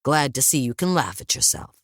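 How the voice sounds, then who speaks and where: A gruff older father with a dry, teasing wit, put on by a woman narrator. He speaks low and deadpan in an audiobook. The recording is dry and close. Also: a little fast, no room sound.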